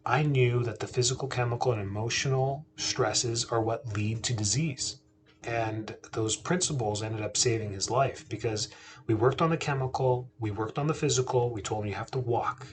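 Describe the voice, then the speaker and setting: A man, a chiropractor and podcast host, telling a family story in a casual, earnest, conversational way. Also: on the low side. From Canada. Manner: earnest, conversational, quotes himself and his father.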